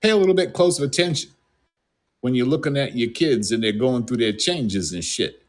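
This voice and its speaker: A man's voice: medium pitch, expressive, normal speed. A man from the United States on an angry, scolding, profane rant.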